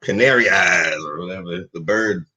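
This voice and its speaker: A man co-hosting a casual live chat with his wife, animated and playful in how he tells stories. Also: moderate pace, low-quality recording. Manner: animated, acts out pets in high silly voices. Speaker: co-host of a live chat show.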